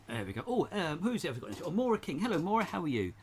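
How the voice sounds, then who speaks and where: A man's voice: on the high side, very animated, racing, slight background noise. A man hosting a casual live stream from his shed, rambling and chatty, often laughing as he talks. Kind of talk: casual chat. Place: home shed.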